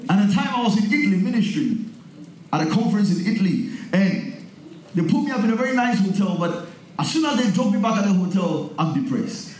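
A male pastor delivering a sermon, telling personal stories and building up to forceful preaching. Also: high-pitched, expressive, a little fast, slight background noise. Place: church hall. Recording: echoey hall.

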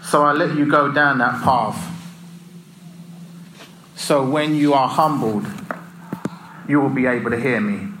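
A man voicing God as a calm, patient divine presence, speaking slowly and gently. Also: medium pitch, a little hiss or hum, lightly acted. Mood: gentle. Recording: echoey room, faint ambience.

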